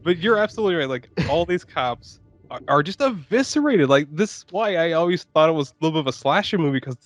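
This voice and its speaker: A man's voice: on the high side, lively intonation, quick pace, no echo, faint music behind. Podcast co-host, man; jokey, laughs easily, curses, dry close-miked sound. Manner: laughing, jokey, swears a lot. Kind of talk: casual chat about a movie.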